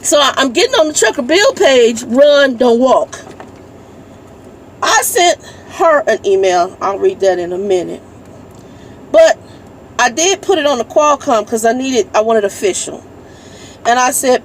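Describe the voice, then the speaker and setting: Lady trucker venting in her cab, kinda high voice, bit of hum behind, swears a lot. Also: animated, fairly quick. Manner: irritated, blunt, swears, reads messages aloud. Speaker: truck driver vlogger. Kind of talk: ranting casual vlog. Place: inside a parked truck cab.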